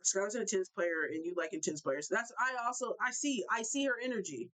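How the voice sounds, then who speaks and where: A young woman hosting a live basketball talk show, ranting in an animated way and repeating herself for emphasis. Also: medium pitch, a little fast, rough recording. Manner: animated, repetitive, fired-up ranting. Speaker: show host.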